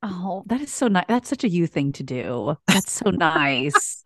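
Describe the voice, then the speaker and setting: A woman co-hosting a casual chat over a video call, gushing and bubbly and quick to laugh. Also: fairly low pitch, very animated, fairly bright tone, no room sound, clean studio sound. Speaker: co-host.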